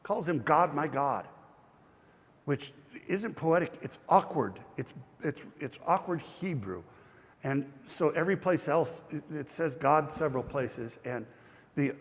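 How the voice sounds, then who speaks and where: Man teaching scripture in a reverberant church. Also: medium pitch. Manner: chatty and digressive, with frequent restarts. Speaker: pastor. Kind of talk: Bible study teaching.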